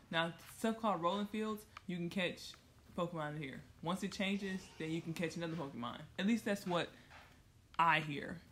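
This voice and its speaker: A woman's voice: low voice, a bit bright, slight background noise. A woman hosting a gaming channel, giving chatty, joking let's-play commentary and reacting aloud to the game.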